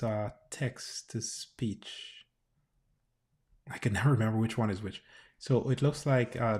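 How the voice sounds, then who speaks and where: A man live-streaming his coding session, thinking aloud in casual commentary, often restarting sentences and breaking in with quick exclamations. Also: lowish voice, darkish tone. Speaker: developer livestreaming.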